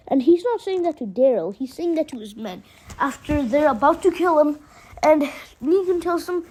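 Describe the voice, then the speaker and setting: A woman's voice: sits high, lively intonation, moderate pace, mellow, a little hiss or hum. A woman narrating a fan retelling in a plain, run-on casual way, chaining events with "and then". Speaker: storyteller.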